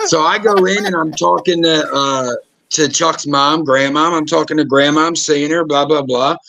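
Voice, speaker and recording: A gravelly man with a voice pitched a little high, hosting a casual podcast chat. He tells profane, animated stories and acts out the people in them. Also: normal speed, rough recording. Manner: profane, animated storytelling with acted quotes. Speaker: podcast host.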